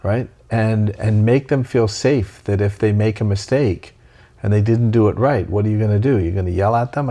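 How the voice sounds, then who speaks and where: Older guy talking easy, lowish warm voice, does little voices for quotes. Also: normal speed. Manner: animated, acts out quoted voices. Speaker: trauma expert guest. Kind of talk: conversational interview.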